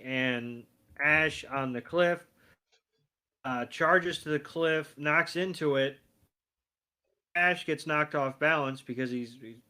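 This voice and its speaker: Male podcast co-host, casual recap, dry wry humor, somewhat high pitch. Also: bright, forceful tone.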